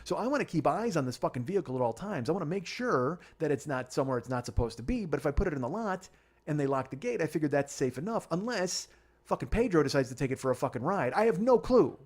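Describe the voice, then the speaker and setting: A man hosting a comedy podcast tells a story as a fast, rambling, profane rant, sounding exasperated throughout. His voice is a little high and sing-song, with a darkish tone and a breathy edge. It's a ranting comic storytelling monologue.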